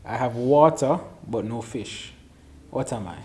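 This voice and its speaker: A man hosts a relaxed chat with friends, reading out riddles in an even, mid-pitched voice. He teases the others and laughs often. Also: a little slow. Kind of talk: casual chat.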